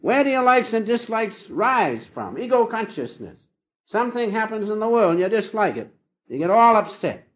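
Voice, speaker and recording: An older man giving an informal spiritual talk, telling folksy little stories with gentle humor. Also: high-pitched, very animated, moderate pace. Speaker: spiritual teacher. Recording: dull lo-fi old recording.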